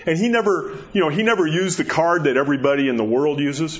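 A man in a fairly high voice preaching a sermon, talking conversationally and repeating words as he goes. He lifts his pitch to stress a point. The recording is dull and lo-fi. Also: fast. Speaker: pastor.

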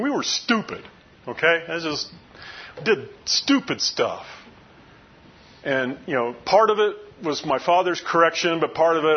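A middle-aged man preaching a sermon in an earnest, conversational, folksy storytelling way. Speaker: pastor. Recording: muffled lo-fi recording with faint rumble.

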